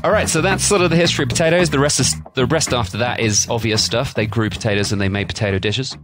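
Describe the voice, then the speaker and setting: A man's voice: medium pitch, fast talker, music in the background. A man co-hosting a casual food podcast, rambling and joking as he explains history. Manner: jokey, rambling, slips into silly voices. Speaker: podcast co-host.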